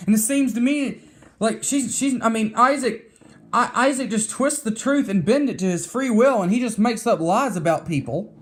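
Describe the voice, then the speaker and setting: A man's voice: very high voice, moderate pace. A man vlogging, ranting angrily at other online figures, cursing and repeating himself as he gets worked up. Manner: heated, profane, repeats and restarts words. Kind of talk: angry rant to camera.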